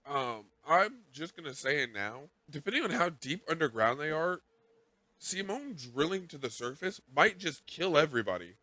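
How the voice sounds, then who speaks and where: A man co-hosting a casual podcast, recapping an anime episode with rambling, animated asides and quoted lines. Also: on the high side, normal speed. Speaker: podcast co-host.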